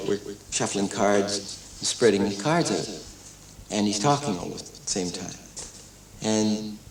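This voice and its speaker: An older man, an animator and director, telling stories in a documentary interview with lively acting-out of quotes and many restarts. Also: lowish voice. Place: animation studio. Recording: echoey room, distant mic, crowd noise.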